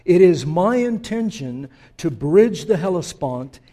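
A preacher puts on a pompous ancient Persian king, booming out his commands to his nobles. The voice rises above his usual speaking pitch and rolls out slow and grand, with a dark, mellow tone. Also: sing-song, full character voice. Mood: commanding.

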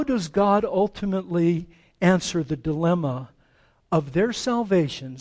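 American pastor guy preaching, pretty high voice, gets loud then drops way down soft and slow. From United States. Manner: dramatic, acts out quoted voices, swings between loud pleading and hushed slow reading. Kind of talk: sermon. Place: church sanctuary.

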